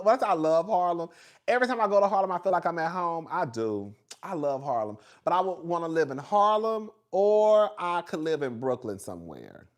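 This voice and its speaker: A man hosting a casual chat with viewers in a gossipy, chatty way, calling everyone "girl" and laughing often. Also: fairly high pitch. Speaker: host.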